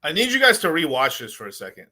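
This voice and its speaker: Hosting his own crypto video, a man rambles to camera in a loose, profane rant full of swearing and laughter. He talks fast with a fairly high, sharp-toned voice whose pitch swings hugely.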